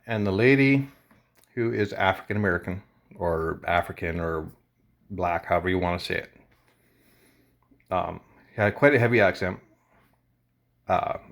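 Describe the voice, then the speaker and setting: A man vlogger casually recounting a confrontation in an animated, indignant way. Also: low-pitched, vocal fry. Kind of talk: casual storytelling to camera.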